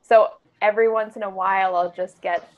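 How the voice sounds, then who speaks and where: A woman's voice: mid-range voice, steady tone, fairly quick, crowd noise. A woman co-hosting a podcast, chatting casually with giggles and many fillers. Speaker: podcast co-host. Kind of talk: casual chat. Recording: dull lo-fi sound.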